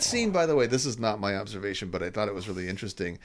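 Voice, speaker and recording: A man co-hosting a podcast, chatting casually about films, animated and prone to swearing and trailing off. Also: on the low side, rapid-fire. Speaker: podcast co-host. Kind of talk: casual film chat.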